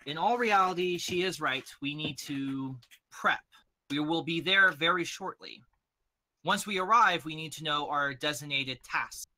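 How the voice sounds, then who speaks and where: A man voicing a brisk porcelain doll woman. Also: a little high, sharp tone. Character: prim female porcelain doll leader, brisk and proper.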